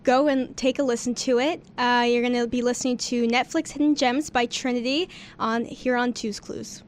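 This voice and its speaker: Young female college radio host, chatty and upbeat, slightly high voice. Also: steady tone, normal speed, a little hiss or hum. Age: young adult. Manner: chatty, laughs easily. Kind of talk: casual radio chat.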